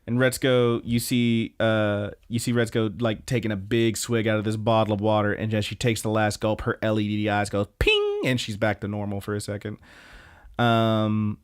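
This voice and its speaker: A young man with a fairly low voice co-hosts a casual podcast. He recaps anime episodes in a rambling, animated way, often slipping into the characters' lines as he goes. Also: normal speed, clear, resonant tone. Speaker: podcast co-host.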